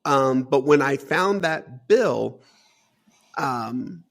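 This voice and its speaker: A man's voice: mid-range voice, drawn-out words. A man in his forties from Dayton, Ohio, a guest on an interview show, telling a story with energy, acting out what others said and laughing often. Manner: lively storyteller, acts out quotes, laughs often. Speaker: guest, company CEO.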